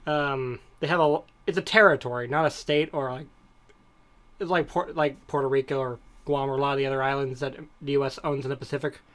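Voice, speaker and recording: A man's voice: medium pitch, fairly even intonation, fairly quick, a bit bright. A man co-hosting a podcast, chatting casually and rambling from one topic to the next. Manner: rambling, digressive storytelling. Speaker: podcast co-host. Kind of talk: casual chat.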